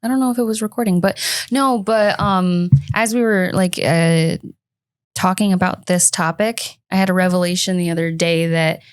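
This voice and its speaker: A woman's voice: fairly low pitch, steady tone, normal speed, clean tone, no room sound. Thoughtful woman co-host, dry close sound. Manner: thoughtful, hesitant, searching for words. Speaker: podcast co-host. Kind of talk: casual chat.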